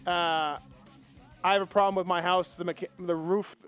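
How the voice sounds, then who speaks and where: A male host on a radio talk show keeps things loose and joking, talking in a slightly high voice full of ums and uhs. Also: little pitch movement, normal speed, a bit bright, faint music behind. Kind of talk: casual radio chat.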